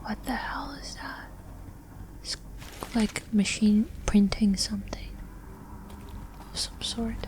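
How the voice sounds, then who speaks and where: A woman whispering her thoughts while playing a video game, musing quietly. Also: on the high side, slow, long pauses. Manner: hushed, musing. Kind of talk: whispered gameplay commentary.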